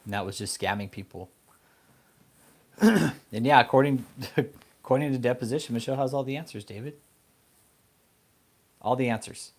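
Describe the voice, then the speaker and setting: A man's voice: medium pitch, moderate pace, long pauses, darkish tone. A man hosting an online commentary show, ranting angrily and profanely at a preacher, mocking him with insults. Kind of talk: casual profane rant.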